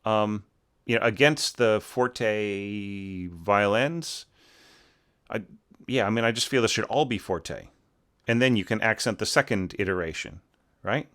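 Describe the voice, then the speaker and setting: Male orchestration teacher, lower voice, loose and chatty, sings the lines. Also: unhurried, a bit bright. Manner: rambling, many fillers, sings phrases as bum bum. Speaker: orchestration teacher reviewing scores. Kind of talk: casual spoken critique.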